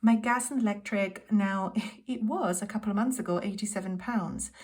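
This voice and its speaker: A woman in her thirties from the UK talks her viewers through her monthly bills at home, calling them "guys" in a relaxed, chatty way. She keeps her voice hushed, close to a whisper, so her sleeping daughter isn't woken. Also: medium pitch, normal speed. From United Kingdom. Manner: speaks softly, half-whispering so a child can sleep. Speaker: budgeting vlogger. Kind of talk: casual monthly budget walkthrough.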